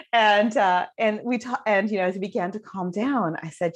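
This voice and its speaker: A woman guest author telling stories about parenting in an animated, casual way. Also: medium pitch, moderate pace, few pauses. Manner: animated, lots of fillers. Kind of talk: casual storytelling chat.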